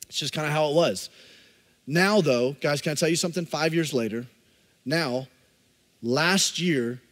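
Man, pastor, sermon, fairly high voice, earnest preaching, long hall reverb. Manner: impassioned preaching, speaks directly to the congregation.

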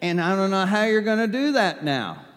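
A man's voice: high voice, big pitch swings, normal speed, a bit bright, voice pushed up. A man voicing a rule-bound, preachy man who lectures in a casual, dismissive way. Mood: lecturing. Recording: echoey hall.

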